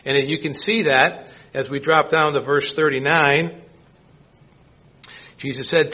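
A man's voice: on the high side, takes it slowly, bright, forceful tone, husky, highs cut off. A man preaching a sermon, reading scripture and asking his listeners rhetorical questions. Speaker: pastor.

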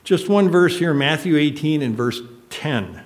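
A man's voice: on the high side, expressive, measured pace. An older man preaching a sermon, telling a personal story in an earnest, emotional way. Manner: emotional, earnest, choked up at moments.

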